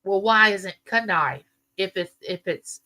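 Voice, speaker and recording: A chatty livestream host from the American South, she tells her viewers rambling stories in a Southern US accent during a casual live chat. Her medium-pitched voice is slow-paced with a sharp tone.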